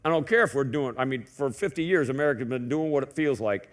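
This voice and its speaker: A man's voice: medium pitch, expressive, fast. A male pastor preaching a sermon in a church in a conversational way, full of rhetorical questions and joking asides. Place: church sanctuary.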